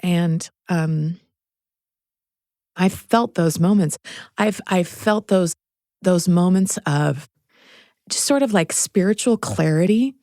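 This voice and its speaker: Middle-aged woman, gravelly low voice, earnest storyteller, dry studio sound. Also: takes it slowly, long pauses, darkish tone, no echo. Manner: earnest, storytelling, at times choked up. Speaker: guest. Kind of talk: emotional interview.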